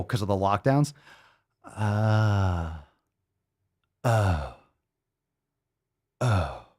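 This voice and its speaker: Brief: male fitness-show host, heated profane rant, mid-pitched voice. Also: darkish tone. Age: adult, 30s or older.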